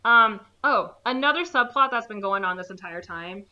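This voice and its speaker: Animated woman recapping a movie, lo-fi sound. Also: normal speed. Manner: animated, acts out characters with jumps in pitch, many "like" fillers. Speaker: podcast co-host. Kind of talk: casual movie recap chat.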